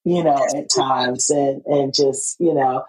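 Low-pitched woman host, lots of "um" and "you know", gets lively and laughs a lot, chatty interview. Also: takes it slowly, low-quality recording. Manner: animated, laughing, many fillers and restarts. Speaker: podcast host. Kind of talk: casual interview chat.

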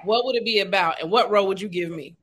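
A woman's voice: medium pitch, fast talker, a little hiss or hum. A woman hosting a casual interview, laughing along and giving short affirmations. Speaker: interviewer host.

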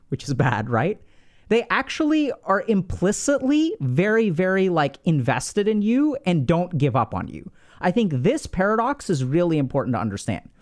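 A man working as a clinician, giving an educational talk in a conversational, animated way with frequent fillers. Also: high-pitched. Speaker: mental health clinician and host. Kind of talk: educational monologue.

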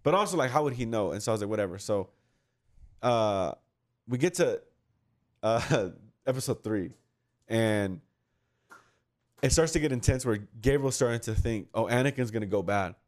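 A man's voice: mid-range voice, expressive, normal speed, pauses often. A man hosting a casual chat, telling a long, rambling story with frequent laughs and casual swearing.

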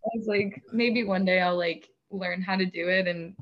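A woman's voice: on the low side, steady tone, moderate pace. Chatty woman, lo-fi sound. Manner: chatty, many "like" fillers, laughs often. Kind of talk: casual chat.

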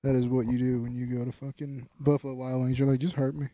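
Young man, podcast co-host, crude slangy banter, mid pitch, dry mic. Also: monotone, fast talker, mellow, dry recording. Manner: joking, crude, slangy, says dog and dude. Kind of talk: casual comedy podcast banter.

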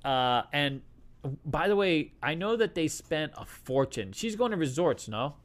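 A man's voice: fairly high pitch, sing-song, unhurried. Joking, rambling male stream host. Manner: loose, joking, rambling with restarts. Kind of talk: casual live-stream chat.

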